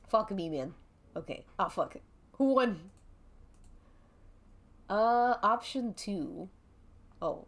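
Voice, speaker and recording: A woman's voice: lowish voice, slow, creaky, long pauses, husky. A young adult woman streaming and narrating an interactive mystery game, giggling often and swearing casually.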